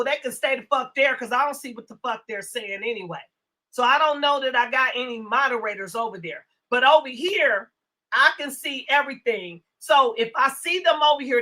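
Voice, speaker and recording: High bright-voiced woman ranting on stream. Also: animated, moderate pace. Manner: profane, scolding, repeats words. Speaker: livestream host. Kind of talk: angry livestream rant.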